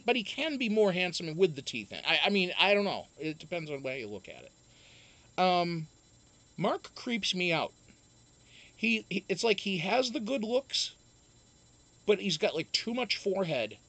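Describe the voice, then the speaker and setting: A man's voice: high-pitched, creaky, fairly bright tone. A man chatting casually on a live stream, reading viewer comments aloud and answering them in a rambling, profane way, with many restarts. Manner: reads and answers viewer chat.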